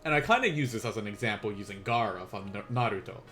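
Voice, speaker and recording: Playful, lively man teaching a stream lesson. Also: fairly low pitch, quick pace, soft background music. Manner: playful, laughs often, chatty asides. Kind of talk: casual live-stream lesson.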